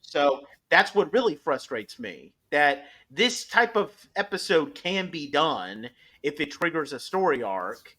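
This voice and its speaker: A man hosting a podcast, talking through episodes in a casual, animated way, rambling with frequent restarts. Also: fairly high pitch, a little slow. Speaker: podcast host. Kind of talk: casual review chat.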